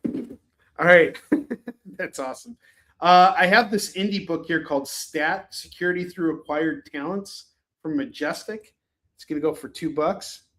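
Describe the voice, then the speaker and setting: A man's voice: sits high, fairly bright tone. A man rambling and swearing casually while selling comics on a live stream. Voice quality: profane, rambling, joking.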